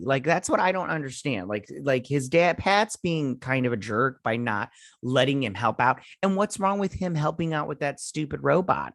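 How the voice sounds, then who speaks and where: A man's voice: medium pitch, no echo, studio quality. Chatty man recapping in a rambling way. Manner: rambling, paraphrases scenes with lots of "he's like". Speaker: host. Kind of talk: casual episode recap and review.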